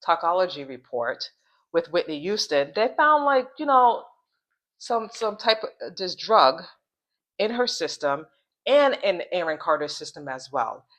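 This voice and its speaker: A woman hosting a casual commentary vlog, rambling along, repeating phrases and restarting sentences, and slowing down to spell out hard words. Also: fairly low pitch, very animated, a bit bright. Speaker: channel host.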